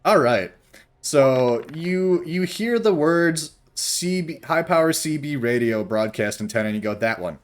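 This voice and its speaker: A man's voice: a little high, animated, unhurried. A young man narrating as game master in a casual tabletop session, rambling loosely with fillers.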